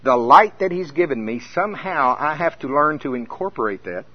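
An older man preaching a sermon, telling a story with animated acted-out scenes. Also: fairly high pitch, brisk, husky, dry recording. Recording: dull lo-fi recording.

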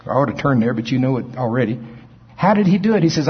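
A man preaching a sermon in a folksy, animated way, acting out scripture scenes in different voices. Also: mid-range voice, fast, breathy edge. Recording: dull lo-fi recording.

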